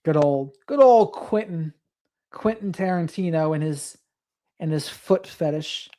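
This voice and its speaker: A late-night livestream host talks loosely into a desk mic, reading out comments from the audience and wandering off into side topics. The pitch sits in a middle range, and the delivery is easygoing and chatty. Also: measured pace, warm tone. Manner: rambling, reads out viewer comments and drifts into asides. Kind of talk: casual late-night live stream chat.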